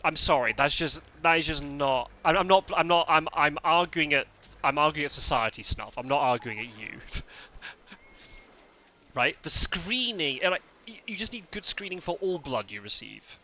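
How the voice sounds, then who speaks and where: A man's voice: a little high, lively intonation, normal speed, bright, forceful tone. A Scottish man streaming a game live, chatting casually with his viewers, often laughing and restarting his sentences. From Scotland.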